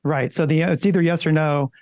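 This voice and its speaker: A man co-hosting a podcast in a loose, casual way, with the odd curse thrown in. His voice sits a bit high and has a gravelly, crackly edge. The sound is dry and close, with no room around it. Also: fairly even intonation, brisk, a little mellow, no echo. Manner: conversational, loose and swearing. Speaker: podcast co-host.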